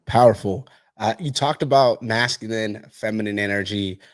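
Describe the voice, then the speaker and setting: A man's voice: lowish voice, normal speed, no room sound, clean studio sound. A man hosting an interview, a coach who talks bluntly and swears freely. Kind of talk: casual interview chat.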